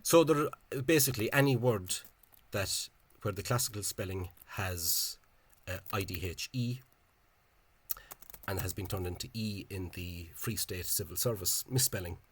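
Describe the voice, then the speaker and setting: A man explaining spelling in a casual, halting monologue. He is opinionated and often repeats words and fills gaps with hesitations. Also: sits low, husky. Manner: opinionated, dismissive of official spelling. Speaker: language enthusiast explaining spelling.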